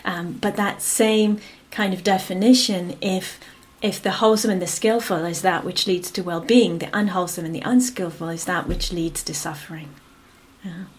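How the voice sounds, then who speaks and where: Woman meditation teacher, lowish voice, gentle dharma talk that trails into whispers. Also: fairly even intonation. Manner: gentle and unhurried, often fading to a whisper; frequent affirming "yeah" between phrases.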